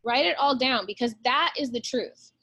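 A woman's voice: high-pitched, bright, forceful tone. A woman, a real estate agent talking bluntly and with plenty of swearing in a casual podcast interview. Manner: blunt and profane, fast-flowing pep talk.

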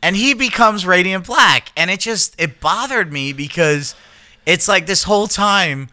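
Brief: rambling podcast co-host, a man with a bright, animated voice. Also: high voice, a little slow. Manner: rambling, profane, with many fillers and restarts. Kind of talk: casual chat.

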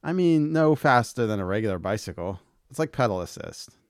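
A man's voice: mid-range voice, lively intonation, brisk, smooth, dry recording, studio quality. A man co-hosting a podcast, chatting loosely and telling rambling stories with swearing and laughs. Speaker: podcast co-host. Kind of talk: casual chat.

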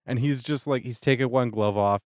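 A man co-hosting a podcast, recapping a TV episode in casual chat with deadpan, sarcastic asides. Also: medium pitch, fairly quick, dry recording, studio quality. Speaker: podcast co-host.

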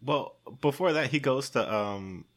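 Male podcast guest, casual chat, relaxed, adds plot details. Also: medium pitch, unhurried. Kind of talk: casual movie-review chat.

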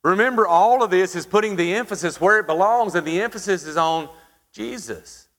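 A man preaching a sermon, asking the congregation questions and pausing for emphasis. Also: high voice, fairly bright tone. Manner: preaching with rhetorical questions and dramatic pauses. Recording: hall reverb.

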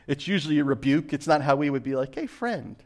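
A man preaching a sermon as pastor, swinging between loud emphasis and hushed asides. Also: mid-range voice, flat delivery, fairly quick.

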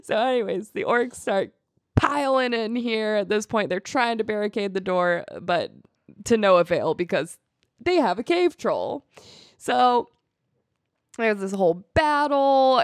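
A woman's voice: medium pitch, smooth, no echo, studio quality. A young woman co-hosting a podcast in casual chat. She giggles, swears freely and retells film scenes. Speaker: podcast co-host.

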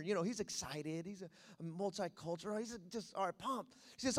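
A man, a pastor in California, telling a lively story to his church with a lot of repetition, and acting out the voices of the people in it. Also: sits high, brisk. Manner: animated, repetitive, acts out voices. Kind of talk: storytelling sermon.

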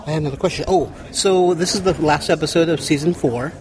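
Man, interviewer, slightly higher voice, upbeat, on a film set. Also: fast talker. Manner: upbeat, brief reactions. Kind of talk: behind-the-scenes interview.

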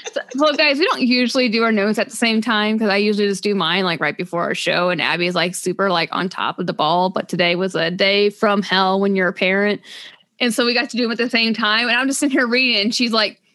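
A young adult woman co-hosting a casual book podcast, talking in an animated, gushing way with quick asides. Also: medium pitch. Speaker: podcast co-host.

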